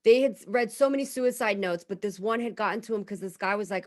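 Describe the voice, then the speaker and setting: A woman in her thirties co-hosts a casual podcast chat, telling stories in an animated way and acting out what people said. Her voice sits at medium pitch and she talks fast.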